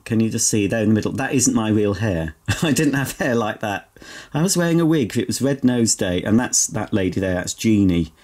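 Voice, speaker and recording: A man's voice: fairly low pitch, lively intonation, fairly quick, darkish tone. Chatty, sentimental middle-aged man. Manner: chatty, sentimental, self-mocking, exclaims often. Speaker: vlogger. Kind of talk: casual chat while sorting belongings. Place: home, indoors.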